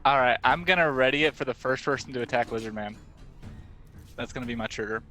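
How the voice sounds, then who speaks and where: A man with a bright voice plays a tabletop game and speaks in a measured way, checking the rules before he acts. Faint music plays behind him. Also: medium pitch. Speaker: player.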